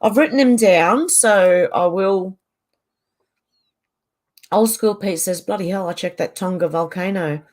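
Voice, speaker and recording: A woman's voice: medium pitch, unhurried, pauses often, darkish tone. A woman hosting a casual livestream, reading viewers' comments aloud and answering them in a chatty way. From Australia.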